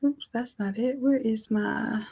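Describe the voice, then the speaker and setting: A woman's voice: fairly high pitch, measured pace, gravelly, warm tone, husky. A woman teaching a live design class, talking in an upbeat, chatty way and thinking aloud as she works. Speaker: design instructor. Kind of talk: live software tutorial.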